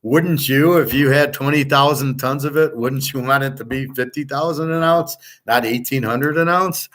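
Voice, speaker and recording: A middle-aged man rants bluntly and profanely through a rambling monologue. He lectures his listeners as his students. His voice sits at an ordinary middle pitch. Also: moderate pace, a bit bright. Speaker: host.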